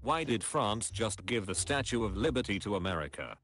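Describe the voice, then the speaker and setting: A man reading meme captions aloud in a dry, deadpan, clipped way. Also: fairly low pitch, a little fast, a little hiss or hum.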